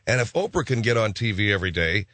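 A man's voice: on the low side, expressive, quick pace, pushed and bright, no room sound. A man hosting a radio talk show, rambling in a casual, offhand monologue full of restarts from a studio.

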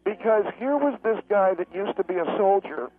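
A man calling in to a radio show, rambling and halting as he keeps losing his train of thought. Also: high-pitched, expressive, no echo. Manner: rambling, halting, easily distracted. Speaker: caller. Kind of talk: comedic rambling phone call. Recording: tinny phone line. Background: piano music.

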